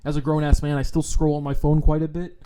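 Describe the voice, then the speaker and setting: A man's voice: fairly high pitch, completely flat delivery, quick pace, warm tone, smooth. A man on his trading vlog, talking in a blunt, profane and sarcastic rant, now and then mocking others in put-on voices. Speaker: trading vlogger. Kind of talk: ranting casual monologue. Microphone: own microphone, adjusted while talking.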